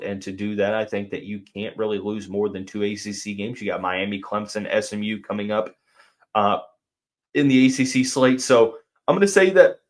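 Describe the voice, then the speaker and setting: A young man hosting a sports podcast, chatting casually and thinking aloud with fillers and restarts. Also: on the low side. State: has the hiccups. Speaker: podcast host.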